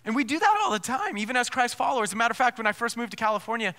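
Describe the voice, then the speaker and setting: A pastor preaching with a notably high, bright voice. He drives his points home with rhetorical questions and stacks of restarted phrases. The delivery is emphatic throughout. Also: sing-song, very fast. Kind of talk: sermon.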